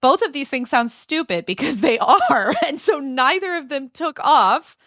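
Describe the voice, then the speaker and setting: A woman hosting a podcast, recounting a story in a loose, animated way with plenty of "like" fillers. Her voice sits fairly high, and the recording is dry and close with no room sound. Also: unhurried, no room sound. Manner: animated retelling with many "like" fillers. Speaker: podcast host telling a story. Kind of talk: casual storytelling chat.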